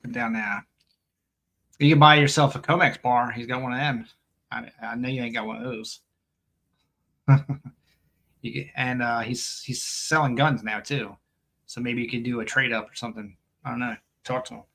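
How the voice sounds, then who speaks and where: A man's voice: medium pitch, steady tone, normal speed, vocal fry, pauses often, sharp tone. A man hosting a live coin stream, rambling and joking casually while reading viewer comments aloud and laughing often. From United States.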